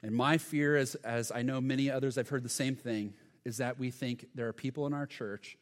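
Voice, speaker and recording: A man's voice: mid-range voice, moderate pace. A man preaching a sermon as pastor, earnest and emphatic, sometimes stumbling over his words. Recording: long hall reverb.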